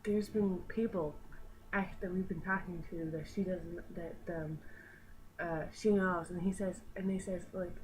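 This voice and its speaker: Teen girl, Newfoundland accent, chatty and rambling, slightly low voice, noisy home recording. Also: steady tone, moderate pace, darkish tone. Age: teens. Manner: chatty, rambling, swears casually. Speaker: vlogger. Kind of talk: casual talk to camera.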